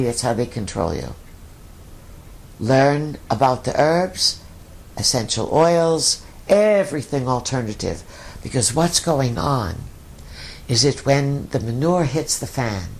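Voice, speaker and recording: A man's voice: mid-range voice, creaky. A man speaking as a collective voice in a channeling session, using emphatic, repeated lists. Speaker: channeled speaker answering questions.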